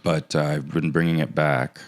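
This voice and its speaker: A man's voice: a bass voice, level tone, moderate pace, no echo. A man hosting a casual comedic chat show, teasing his guest with dry humor. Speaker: podcast host.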